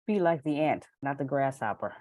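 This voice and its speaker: A woman chiming in on a group call with quick, playful remarks. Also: very deep voice, expressive, darkish tone, no echo, studio quality. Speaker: call participant. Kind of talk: casual group-call chat.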